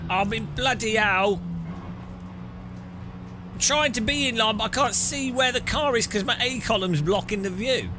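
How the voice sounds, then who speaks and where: A man's voice: sits high, moderate pace, pauses often, music in the background. A man rambling casually while streaming a racing game, often restarting his sentences and chuckling. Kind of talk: casual gameplay commentary.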